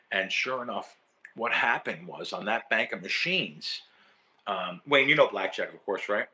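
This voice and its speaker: A man with a very bright, forceful voice tells a long story in an interview. He is animated and emotional, stumbling over himself and repeating words as he goes. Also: lowish voice, moderate pace. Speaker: guest, professional sports bettor.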